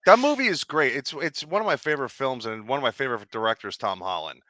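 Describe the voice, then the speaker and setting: A man's voice: mid-range voice, lively intonation, quick pace, pushed and bright, no room sound. A man co-hosting a podcast in casual chat, talking films with stumbling restarts. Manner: film-buff talk with stumbling restarts. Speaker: podcast co-host.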